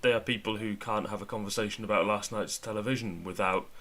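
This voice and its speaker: A man co-hosting a political chat podcast, his delivery wry and deadpan as he mocks what he reads. His voice sits a little low but comes across bright and forceful. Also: fast talker. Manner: sardonic, wry deadpan mockery. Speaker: podcast co-host.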